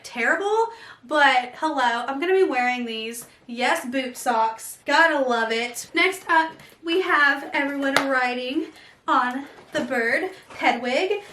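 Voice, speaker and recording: A woman vlogger chatting excitedly while unboxing, gushing and full of fillers. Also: high-pitched, roomy sound. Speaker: vlogger unboxing an advent calendar. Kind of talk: casual unboxing chat.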